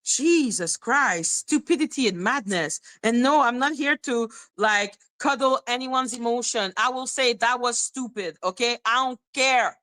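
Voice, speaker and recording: Irritated woman ranting on her live stream, bright sharp voice, kinda condescending, swears a lot. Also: on the high side, unhurried, hardly any pauses. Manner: swears freely, repeats herself. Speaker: live-stream commentary host. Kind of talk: casual live-stream commentary.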